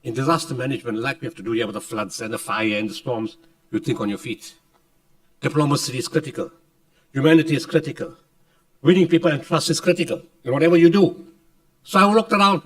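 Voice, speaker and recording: A man's voice: medium pitch, recorded from a distance, rough recording. A South African man giving a speech at a conference, telling a story dramatically and acting out the dialogue with emphasis. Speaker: keynote speaker. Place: conference hall.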